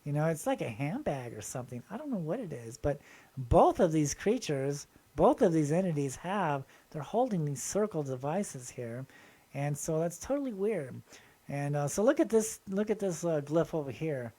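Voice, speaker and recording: A man hosting his own channel, talking excitedly and rambling as he shows viewers pictures, often asking them to look and agree. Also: a little high, moderate pace. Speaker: channel host. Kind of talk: casual show-and-tell video.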